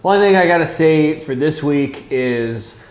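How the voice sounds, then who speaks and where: A man's voice: on the high side, animated, a little slow. A man co-hosting a pub talk show, brash and profane about his local sports team. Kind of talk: casual bar talk. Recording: echoey pub room.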